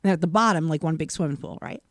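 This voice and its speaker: A woman's voice: deep voice, quick pace, dry recording, clean studio sound. A middle-aged woman from Massachusetts co-hosting a casual live stream, telling family stories and acting out voices as she goes. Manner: chatty storyteller, acts out voices, laughs often. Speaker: co-host.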